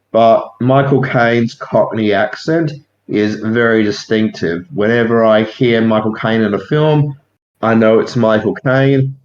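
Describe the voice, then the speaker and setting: Low-voiced man on a dull echoey line. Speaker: podcast co-host. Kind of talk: casual film discussion.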